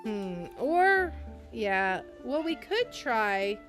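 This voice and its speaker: A woman streamer chatting casually as she plays, thinking aloud in an unhurried way. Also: a little high, sing-song, fairly bright tone, soft background music. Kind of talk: casual gameplay commentary.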